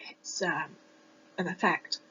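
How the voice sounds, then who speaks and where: A woman's voice: lowish voice, steady tone, slow pace, sharp tone, breathy edge. Reflective British woman, lo-fi recording. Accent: British received pronunciation. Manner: reflective, thoughtful, with many ums and restarts. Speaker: student presenter. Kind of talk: personal presentation. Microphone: close mic that sometimes distorts. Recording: dull lo-fi home recording.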